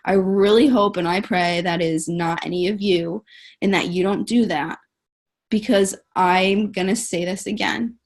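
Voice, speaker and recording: A woman's voice: medium pitch, steady tone, a little slow. A woman coaching her network marketing team over a live stream, upbeat and emphatic, often saying "like" and "guys".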